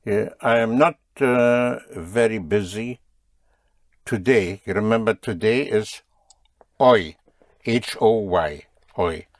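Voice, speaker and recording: A man's voice: lowish voice, takes it slowly, pauses often, no room sound, clean studio sound. A man teaching a spoken language lesson, patiently drilling and correcting his students.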